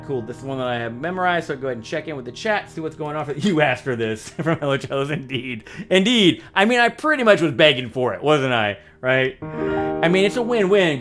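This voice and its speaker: A man hosting a livestream, talking casually between piano songs and laughing often. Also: on the high side. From United States. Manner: upbeat, chatty, laughs often. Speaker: livestream host and pianist. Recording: piano music under the voice. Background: piano music.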